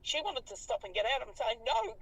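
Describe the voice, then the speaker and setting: A breathy-voiced Australian woman in her fifties, recounting events in a casual, animated way and swearing freely. Her voice sits a bit high for a woman. She sounds set back from the microphone over a thin call line. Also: quick pace, distant mic, low-quality recording. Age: 50s. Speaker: interviewee recounting a sighting. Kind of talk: casual storytelling interview.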